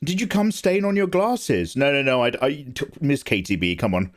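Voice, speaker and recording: A man's voice: medium pitch, moderate pace. A tired man chatting casually on a livestream, joking with viewers and reading their names aloud. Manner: joking, animated, reads out viewer names and replies to chat. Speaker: art livestreamer.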